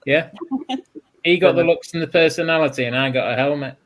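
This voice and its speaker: A man's voice: fairly high pitch, fairly quick, fairly bright tone. A middle-aged man from England on a video call, teasing with dry humour. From Lincolnshire, England.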